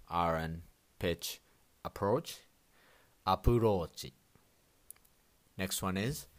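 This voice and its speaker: A man with a Japanese accent, a native Japanese speaker, hosting a podcast language lesson as a Japanese teacher, slowly drilling words one by one with frequent fillers. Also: sits low.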